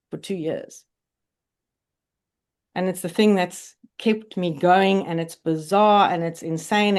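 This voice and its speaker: Woman in her forties, lowish voice, podcast guest, candid and earnest personal storytelling. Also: a little mellow. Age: 40s.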